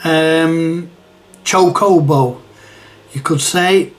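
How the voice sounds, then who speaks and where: A man's voice: on the high side, a little slow. A man hosts a retro gaming channel and talks casually to camera, rambling and hesitant, with many restarts and chuckles.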